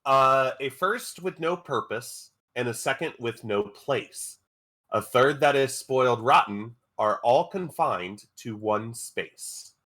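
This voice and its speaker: Slow, bright-voiced male game master. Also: mid-range voice, animated. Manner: slow, deliberate riddle reading. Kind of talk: running a tabletop game over voice chat.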